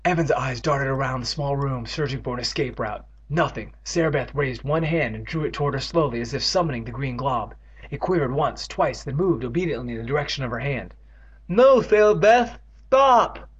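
A man reads a children's horror book aloud with a husky voice, breaking off into sarcastic, foul-mouthed asides. His voice sits at a medium pitch, and the recording sounds dull and lo-fi. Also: a little fast. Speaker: comedic reader. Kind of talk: mocking book reading.

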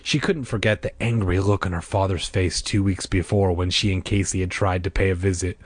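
A man reading a story aloud in an expressive way, breaking in with deadpan comic asides. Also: low voice, brisk, breathy edge, no room sound. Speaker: narrator.

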